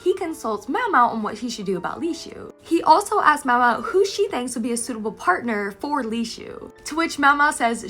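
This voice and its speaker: A woman recapping a story in a casual, animated, gushing way. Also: high-pitched, normal speed, few pauses, faint music behind. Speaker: anime recap creator.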